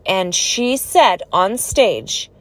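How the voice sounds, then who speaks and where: A woman's voice: mid-range voice, big pitch swings, very slow. A woman telling her own life story in a personal vlog, speaking in an earnest, conversational and reflective way.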